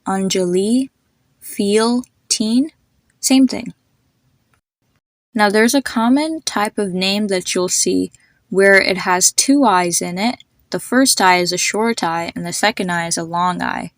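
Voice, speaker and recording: Woman podcast host, mid-pitched, patient teacherly delivery, dry close sound. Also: no echo. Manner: patient, spells out names and slows down to demonstrate sounds. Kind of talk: instructive podcast explainer.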